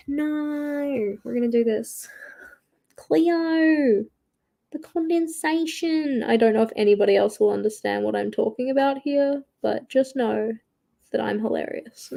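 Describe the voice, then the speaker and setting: A woman's voice: fairly high pitch, creaky, warm tone. An Australian woman hosting a livestream, chatting casually and laughing as she draws and reads out viewer comments. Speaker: livestream host. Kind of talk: casual livestream chat while drawing.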